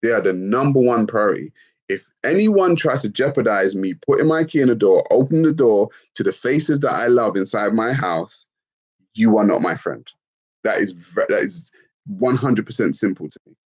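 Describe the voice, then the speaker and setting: A man's voice: lowish voice, normal speed, highs cut off. A man with children, talking bluntly and profanely on a casual livestream, answering chat comments. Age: adult with children. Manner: blunt, profane, animated, laughs often.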